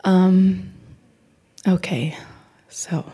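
A woman in her twenties from Baltimore, a missionary speaking at a women's church seminar, her voice hoarse and her manner nervous and emotional, near tears and laughing. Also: fairly low pitch, steady tone, drawn-out words, dark tone.

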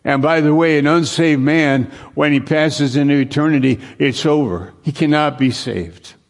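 A man preaching a sermon slowly and earnestly, repeating phrases for emphasis and often dropping to a hushed, low voice. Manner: slow, earnest preaching with long pauses, sinking to a hushed low voice.

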